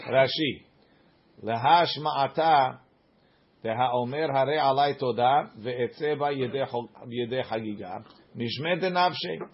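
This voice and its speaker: A man's voice: medium pitch, husky, highs cut off. A man teaching a Talmud class, reading the Aramaic in a sing-song study chant and explaining it in English.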